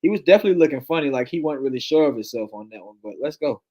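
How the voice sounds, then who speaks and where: A man's voice: fairly high pitch, lively intonation, very fast, warm tone. A man hosting a show, giving casual, chatty reaction commentary on a video with unsure asides. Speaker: host.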